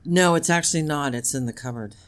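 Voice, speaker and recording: A man's voice: on the high side, a little fast, fairly bright tone. A man co-hosting a podcast in casual chat, with groans and joking reactions. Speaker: podcast co-host.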